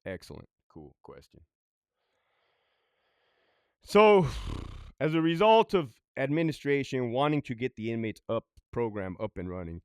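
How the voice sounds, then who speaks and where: A man's voice: fairly low pitch, dry recording, clean studio sound. A man who was a prison sergeant tells a story in a casual monologue, blunt and full of swearing. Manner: profane, blunt, conversational.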